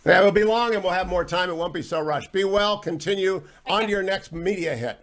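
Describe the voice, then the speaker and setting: A man's voice: sits high, brisk, a bit bright. A man hosting a radio talk show, interviewing a guest in an enthusiastic, praising way.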